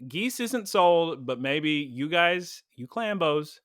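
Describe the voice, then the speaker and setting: A man co-hosting a podcast in casual chat, playful and quick to laugh. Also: fairly high pitch, lively intonation, a bit bright, no room sound, studio quality. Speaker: podcast co-host.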